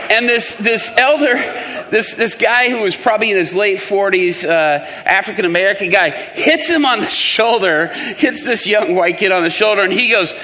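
A man's voice: high voice, normal speed, long reverb tail, crowd noise, noisy background. A man preaching and telling a story, acting out the voices of the people in it. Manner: animated, acts out the voices in his story. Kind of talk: sermon storytelling.

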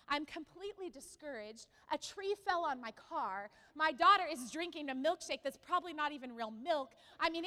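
A woman pastor preaching a sermon, telling a personal story with animated delivery and asking the congregation questions. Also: high voice, in a large hall.

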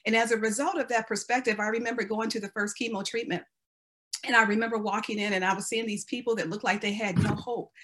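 A middle-aged American woman tells her own story of getting through cancer. She speaks earnestly and with conviction, her faith running through every line, in a voice of everyday pitch. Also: fairly even intonation, quick pace, fairly bright tone. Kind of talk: personal testimony.

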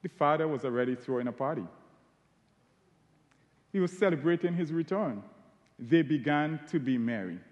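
A man delivers a sermon, slowing down and leaning hard on the words he wants to stress. His voice sits a little higher than most men's. The sound carries the long reverb of a large hall. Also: expressive. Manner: emphatic, stretching key words for stress. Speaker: preacher.

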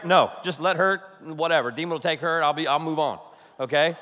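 A man in his thirties, a pastor telling a funny story in a sermon, animated, keeps checking in with "okay?" and laughs along. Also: fairly high pitch, brisk. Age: 30s. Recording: reverberant hall.

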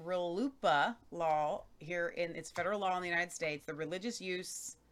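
A woman's voice: lowish voice, moderate pace. A woman co-hosting a talk show, giving her opinion emphatically and punctuating it with rhetorical "right?". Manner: emphatic, argues her point with rhetorical questions. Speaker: co-host. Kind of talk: opinionated casual chat.

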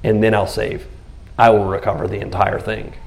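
A man preaching a sermon in an animated, conversational way, often acting out scenes in quoted voices. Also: on the low side, normal speed, gravelly. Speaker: pastor.

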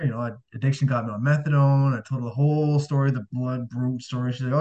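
A man's voice: medium pitch, fast talker, few pauses. A man, a podcast guest telling his life story in a rambling casual way, full of fillers and acted-out dialogue. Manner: rambling, heavy on fillers, acts out quoted dialogue. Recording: dull lo-fi audio.

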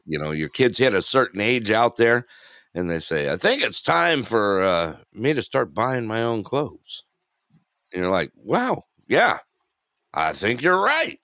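A man's voice: deep voice, fairly bright tone. A man hosting a casual radio show, chatty and laughing often, with plenty of fillers.

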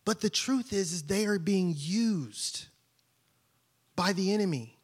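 High-voiced pastor preaching casually. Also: male voice, animated, slow, husky. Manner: conversational, playful, asks the congregation questions. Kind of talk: sermon.

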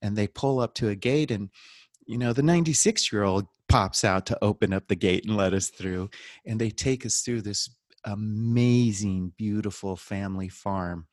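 This male podcast guest, a documentary filmmaker, speaks at normal speed in a fairly low pitch during a casual storytelling interview. Jokes, laughter, and animated quote impressions fill his telling. Audio is studio quality and echo-free.

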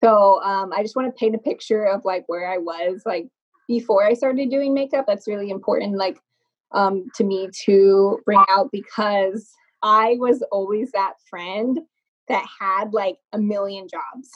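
Unhurried and mid-range in voice, a young woman who works as a makeup artist recounts her story during a relaxed podcast interview. Her talk is chatty, dotted with frequent laughter and many fillers, captured in slightly dull lo-fi audio.

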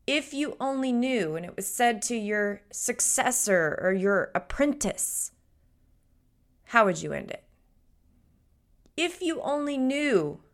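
A woman hosting a talk show, chatting casually and telling a joke with animated energy. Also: on the high side. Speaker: radio show host.

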